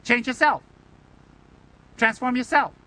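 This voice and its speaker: High, bright-voiced playful Buddhist teacher. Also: male voice, takes it slowly, rough recording. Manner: playful, teasing, rhetorical questions. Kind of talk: Dharma talk.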